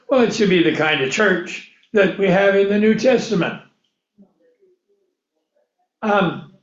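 A man preaching a Bible-teaching sermon who asks rhetorical questions and then answers them himself. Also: sits high. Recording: echoey room, dull lo-fi sound.

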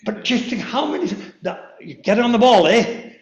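An older man preaches a loose, rambling sermon, tripping over and repeating his words and chuckling at himself. His voice sits high, and the chapel around him rings with echo. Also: animated, normal speed, lo-fi sound. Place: church chapel. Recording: echoey room.

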